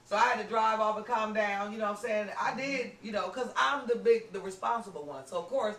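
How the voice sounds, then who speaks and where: A woman podcast host telling a story in casual chat, animated and acting out what people said. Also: mid-range voice, brisk. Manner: animated, acts out quoted lines, lots of "you know what I'm saying". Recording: roomy room, distant mic.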